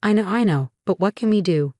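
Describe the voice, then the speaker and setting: A woman's voice: medium pitch, expressive, fairly quick, a little mellow, dry recording, lightly acted. Woman reading as an anguished young husband. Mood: strained. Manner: tense, strained.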